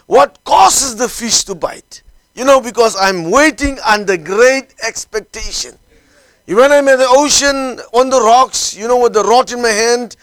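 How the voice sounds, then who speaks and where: A man preaching a sermon, peppering his phrases with hallelujah and amen, swinging from calm storytelling to fervent shouting. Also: extremely high pitch, no room sound.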